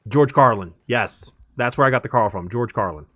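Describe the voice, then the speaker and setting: Streamer, male, rambling casual chat, mid-pitched voice, dry close mic. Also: moderate pace, bright, forceful tone, dry recording. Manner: rambling, chatty, laughs often. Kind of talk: casual chat while gaming.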